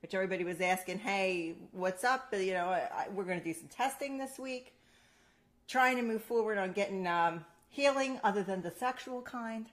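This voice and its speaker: A woman's voice: mid-range voice, fairly quick. A woman co-hosting a casual chat show, teasing her partner and telling stories playfully. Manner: playful teasing, animated storytelling with laughs. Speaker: co-host.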